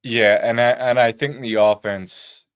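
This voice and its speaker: A man's voice: medium pitch, steady tone, a little slow, clean tone. A man co-hosting a football analysis show, talking casually and bluntly, with filler words and rhetorical checks. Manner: casual, profane, lists points with "like" and "right?". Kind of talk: postgame sports analysis.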